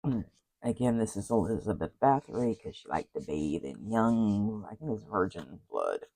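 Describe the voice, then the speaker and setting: Showing a handmade journal, a craft vlogger chats and rambles, dropping asides and apologies along the way. Her rumbling low voice is sing-song, dark-toned and slightly rough at normal speed, and the recording is rough.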